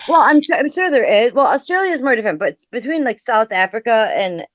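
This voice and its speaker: A woman's voice: on the high side, animated, fast, no echo, lo-fi sound. A woman from Minnesota with a Minnesota accent hosting a casual livestream chat, stammering and restarting as she talks. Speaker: livestream host.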